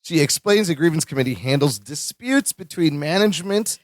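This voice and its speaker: Jokey guy cohost, pretty high voice that jumps around a lot, dry sound. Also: moderate pace, dry recording. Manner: jokey, animated banter. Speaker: podcast co-host. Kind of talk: casual chat recapping a sitcom episode.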